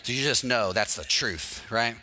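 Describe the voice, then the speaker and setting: A man's voice: mid-range voice, moderate pace. A man, a pastor, telling a humorous personal story in a sermon and acting out the dialogue. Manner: animated, acts out dialogue with humor. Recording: long reverb of a large hall.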